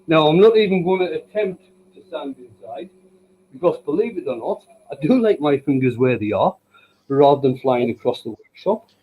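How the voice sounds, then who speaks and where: A man with a mellow, warm voice hosts a live stream from his workshop. He talks casually while working at the lathe and slips in dry, wry jokes. A faint noise sits behind him. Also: a little high, big pitch swings, normal speed, poor audio. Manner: joking, wry, dry humour. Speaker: woodturner hosting a live stream. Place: home workshop.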